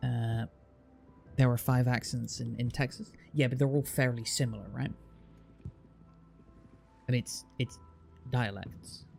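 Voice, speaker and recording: Gravelly British man chatting. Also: medium pitch, steady tone, measured pace, long pauses, soft background music. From Britain. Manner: chatty, restarts a lot, explains at length. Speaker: streamer. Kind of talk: casual chat reading viewer comments.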